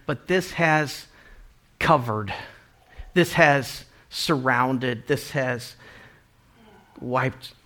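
A man's voice: fairly high pitch, a bit bright. A man preaching a sermon, earnest, stumbling into repeated restarts and building emphasis as he speaks. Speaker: pastor.

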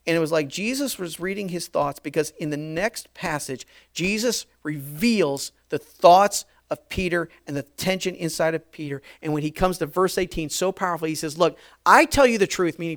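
A man's voice: high-pitched, animated, moderate pace. Passionate male preacher acting out scenes. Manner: dramatic, acts out voices of biblical figures, swings from soft to loud. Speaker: pastor. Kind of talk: sermon.

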